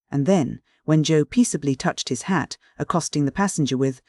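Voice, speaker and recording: Steady audiobook narrator, dry sound. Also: medium pitch, normal speed, few pauses, no echo.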